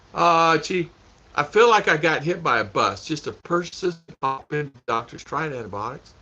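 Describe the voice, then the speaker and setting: Male vlog host chatting to a live chat, bright tense tone, rambles and repeats, muffled stream sound. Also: fairly high pitch, lively intonation, measured pace, long pauses, soft background music. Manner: rambling, repeats himself, laughs a lot. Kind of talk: casual livestream chat. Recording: dull lo-fi stream audio.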